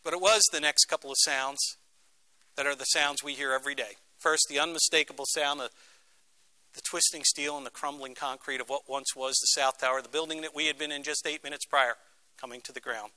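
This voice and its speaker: Bright-voiced man telling a dramatic story. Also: on the high side, fairly even intonation, brisk. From Philadelphia. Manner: dramatic, acts out quoted voices. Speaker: guest speaker. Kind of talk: storytelling lecture to students. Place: university lecture room.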